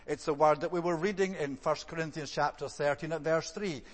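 A man giving an evening sermon. He speaks in a measured, thoughtful way, often pausing on "eh" and "uh.". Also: on the high side, in a large hall. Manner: measured, thoughtful delivery with frequent "eh" and "uh" restarts. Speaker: preacher.

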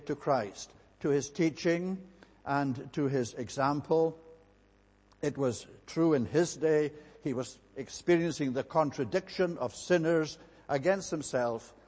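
Emphatic preacher in a reverberant hall. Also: male voice, mid-range voice, darkish tone. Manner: measured, emphatic preaching with frequent "uh" pauses. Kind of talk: sermon.

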